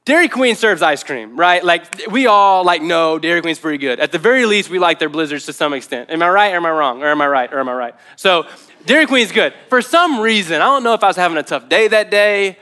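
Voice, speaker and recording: A young man preaching a sermon as pastor, telling a personal story in an animated, conversational way. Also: high voice, fairly quick. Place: church.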